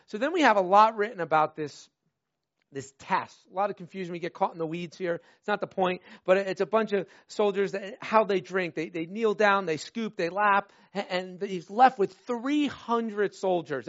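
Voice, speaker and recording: A man preaching a sermon, telling a story with animated asides and acted-out voices, then dropping to soft, earnest appeals. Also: sits high, moderate pace, dry recording, highs cut off. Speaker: pastor.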